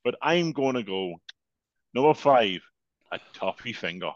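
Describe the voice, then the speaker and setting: A man co-hosting a comedy podcast, delivering dry, deadpan one-liners. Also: mid-range voice, measured pace, no echo, highs cut off. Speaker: podcast co-host. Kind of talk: casual comedy podcast chat.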